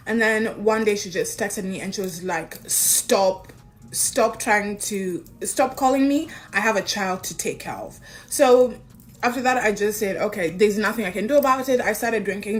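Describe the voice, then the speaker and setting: A young woman casually telling a personal story, animated and chatty, acting out the lines of others. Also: medium pitch, a little fast. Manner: animated, acts out dialogue, chatty with fillers. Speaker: interviewee.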